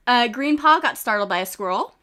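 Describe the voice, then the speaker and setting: Woman game streamer, congested with a cough, slightly high voice, casual giggly commentary into a desk mic. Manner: reads game events aloud with chatty asides and giggles. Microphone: desk microphone.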